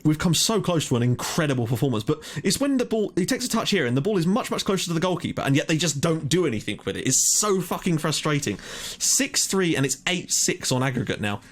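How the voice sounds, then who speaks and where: A young man giving excitable live commentary on his own football management game, thinking aloud and swearing when it goes wrong. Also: on the high side, fast talker. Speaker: gaming commentator.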